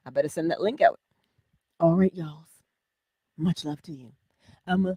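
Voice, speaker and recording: A breathy woman hosts a casual morning inspiration talk, her pitch swinging widely as she chats. She laughs often and slips into soft whispers to stress a point, recorded close and dry. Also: measured pace, pauses often, dry recording. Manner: animated, laughs often, drops to whispers for emphasis. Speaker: host of a morning inspiration livestream. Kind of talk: casual spiritual pep talk.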